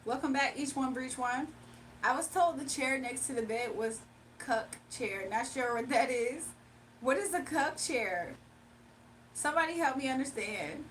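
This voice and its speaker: A young woman chats loosely with her livestream viewers in a high, lively voice, gushing and laughing as she goes. She sits a bit back from the mic, with a faint hiss of background noise. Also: unhurried, far from the mic. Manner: chatty and bubbly, gushing and laughing often. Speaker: livestream host. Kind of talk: casual livestream chat with viewers.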